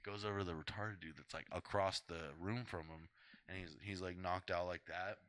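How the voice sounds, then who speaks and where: A man's voice: sits low, moderate pace. A young man on a casual podcast, retelling a film's plot crudely and acting out the characters as he goes. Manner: animated storyteller acting out characters' voices. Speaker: podcast co-host.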